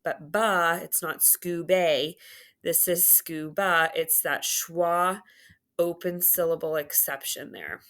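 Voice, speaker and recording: Slow and patient, a woman leads a phonics lesson, stretching out sounds, words and syllables as she enunciates them. Her voice is lowish, creaky and a bit bright.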